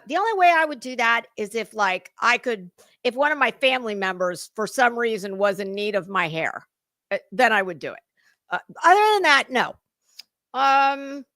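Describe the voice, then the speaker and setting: A woman's voice: a little high, expressive, moderate pace, sharp tone, no echo, studio quality. A middle-aged woman hosting a casual political commentary livestream, chatty, blunt and profane as she talks to her chat viewers. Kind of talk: casual live-stream chat.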